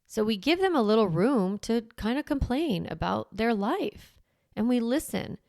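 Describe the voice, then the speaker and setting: A woman talks listeners through a parenting method step by step. She speaks in a direct coaching manner with frequent check-ins. Her voice has a noticeable fry, and the recording is close and dry. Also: on the high side, sing-song, moderate pace, a little mellow, no room sound. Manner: walks through step-by-step scripts. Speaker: parenting podcast host. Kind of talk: instructional podcast monologue.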